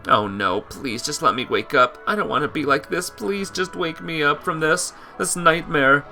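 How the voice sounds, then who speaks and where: A man's voice: fairly high pitch, moderate pace, creaky, bright, forceful tone, soft background music, pitched above the performer's own voice, exaggerated voice. A man voicing a proud young male knight, reading game dialogue in a defensive, frantic way. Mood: panicked. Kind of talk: game dialogue read aloud.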